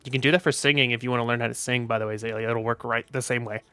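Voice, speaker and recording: A man's voice: medium pitch, fairly even intonation, rapid-fire, bright, forceful tone, clean tone, no room sound. A tired, sleepy man chatting casually on a live stream, rambling and offhand with the odd swear. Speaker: VTuber streamer.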